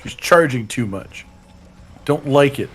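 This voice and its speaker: A man co-hosting a gameplay video in casual banter, dry and sarcastic with deadpan quips. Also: medium pitch, unhurried, faint music behind. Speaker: gaming co-host.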